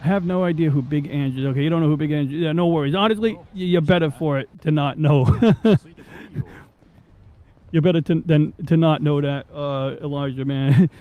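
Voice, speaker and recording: Rambling New man, fairly high voice. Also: fairly quick, phone-quality sound. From New York. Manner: rambling, digressive, swears freely, many fillers. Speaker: podcast host. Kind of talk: casual rambling chat.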